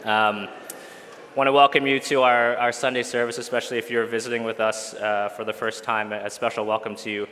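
A man's voice: mid-range voice, little pitch movement, brisk, pushed and bright, a little hiss or hum. A male pastor giving a conversational Sunday sermon, with frequent fillers and restarts. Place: church hall. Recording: long reverb of a church hall.

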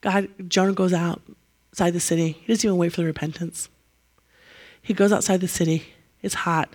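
A woman preaching a sermon, telling the story in a lively way and acting out the quotes. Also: on the low side, moderate pace.

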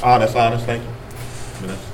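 A man's voice: mid-range voice, steady tone, moderate pace, roomy sound, far from the mic, background noise. A man from rural North Carolina leading a group workshop, talking casually and reflecting back what the audience says. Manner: conversational, repeats and reflects back answers. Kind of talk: talk with audience discussion. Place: meeting room with audience.

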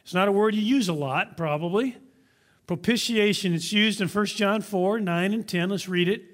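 A man preaching a sermon as pastor, emphatic, slowing down to stress key words and using props to illustrate his point. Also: high voice.

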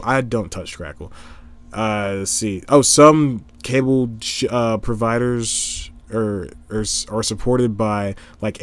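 Rambling young man vlogging alone. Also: mid-range voice. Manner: rambling, self-correcting, chatty. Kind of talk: casual solo talk. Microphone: laptop microphone.

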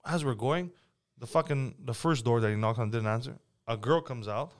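A man, a podcast host who works as a property manager, telling a profane, animated anecdote in casual chat. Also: medium pitch, normal speed.

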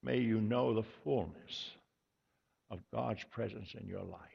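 A man preaching a sermon as pastor, earnest and measured, repeating key words for emphasis. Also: fairly low pitch, gravelly, darkish tone, breathy edge. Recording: dull lo-fi sound with long hall reverb.

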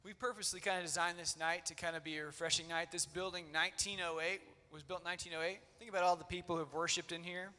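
Man, 30s, pastor, casual earnest sermon, bright voice, old church hall, long reverb. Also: fairly high pitch, fairly even intonation, fast, few pauses. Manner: earnest, conversational, loose with fillers.

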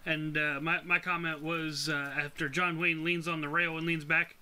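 A man's voice: on the high side, flat delivery, moderate pace, bright, forceful tone, clear, resonant tone. A man co-hosting a casual movie podcast, wry and quoting scenes with jokey voices. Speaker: podcast co-host.

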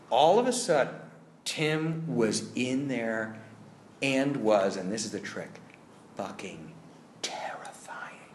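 A man's voice: medium pitch, reverberant, slight background noise. A man teaching a scene study class, telling a rehearsal story and acting out the lines he quotes. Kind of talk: classroom lecture.

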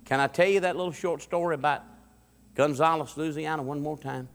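A man's voice: fairly high pitch, a little fast. A man preaching a sermon in a fervent, folksy way and telling a story from the pulpit. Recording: long hall reverb.

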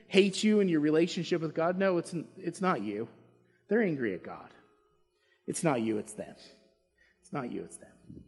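A pastor preaching a sermon in a church with impassioned delivery, dropping to quiet asides. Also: male voice, a little high, animated, normal speed, pauses often, breathy edge. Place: church sanctuary. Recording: long hall reverb.

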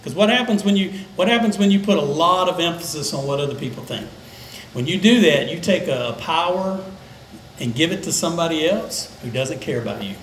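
An older man, a pastor, preaching a conversational sermon that dips into soft, low tones for emphasis. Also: lively intonation, a little fast, echoey room, a little hiss or hum, poor audio. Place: church sanctuary.

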